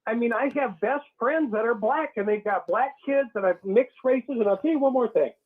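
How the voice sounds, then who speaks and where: A man's voice: very high voice, moderate pace. A man from Detroit calling into a show, talking bluntly and emphatically, with some swearing. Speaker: caller. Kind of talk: call-in phone talk. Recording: tinny phone line.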